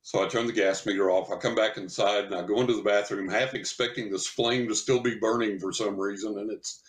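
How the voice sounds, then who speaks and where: A man, a psychic medium guest on a podcast, telling a story in an animated way and laughing as he talks. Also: on the low side, a little fast. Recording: roomy echo.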